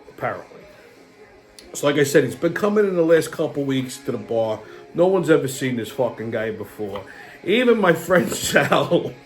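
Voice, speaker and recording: High-voiced, foul-mouthed New man. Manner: profane, heated storyteller. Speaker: host. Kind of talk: casual ranting monologue.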